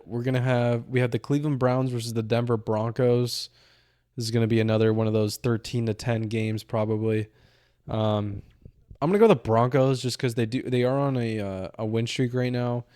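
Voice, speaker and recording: A man's voice: mid-range voice, level tone, a little fast, dark tone, clear, resonant tone, no room sound, studio quality. A young man co-hosting a casual sports podcast, laid-back and swearing casually. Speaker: podcast co-host.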